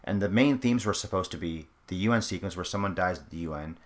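Deep-voiced man chatting about films. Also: fast talker. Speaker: podcast co-host. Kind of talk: casual film discussion.

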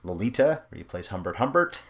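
Deep-voiced man chatting about films. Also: very animated, fairly quick. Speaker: podcast co-host. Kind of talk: casual film discussion.

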